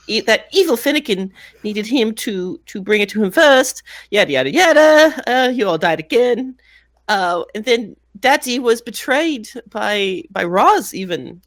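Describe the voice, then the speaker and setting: A woman playing an earnest young girl who recounts her family's history in a halting, rambling way, full of restarts. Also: a little high. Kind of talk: tabletop role-play.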